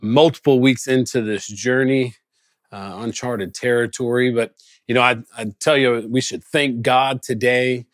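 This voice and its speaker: A man's voice: mid-range voice, a little slow, dry recording, studio quality. A male pastor giving a conversational sermon, telling stories and acting out quotes. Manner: conversational, animated storytelling with acted quotes. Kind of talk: casual sermon. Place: recorded away from the congregation during lockdown.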